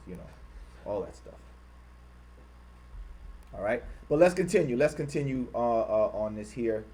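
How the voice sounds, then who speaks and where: A man hosting an online show, reading items off his screen and talking about them. He repeats himself often and gets loud and high-pitched when he is worked up. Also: normal speed, pauses often, slight background noise. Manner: repetitive, grows loud and high when heated, mocking quoted voices. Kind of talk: livestream commentary reading from a screen.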